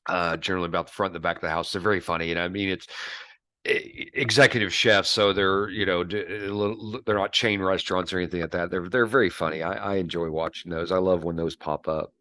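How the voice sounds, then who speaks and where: Deep-voiced rambling male podcast host. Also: steady tone, bright, forceful tone, no room sound, studio quality. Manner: rambling, halting, laughs a lot. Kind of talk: casual chat.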